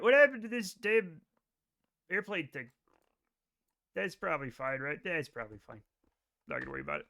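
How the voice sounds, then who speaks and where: A man's voice: high voice, sharp tone. A man streaming a game live, chatting to his viewers in a joking, rambling way and swearing freely. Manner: joking, profane, rambling talk to chat.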